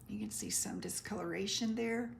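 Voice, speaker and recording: A woman's voice: medium pitch, sing-song, creaky, slight background noise. A woman selling vintage paper and crafts, talking casually and describing each item up close. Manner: chatty, unhurried, describing items up close, stumbles over foreign words. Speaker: online craft seller. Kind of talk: casual product presale video.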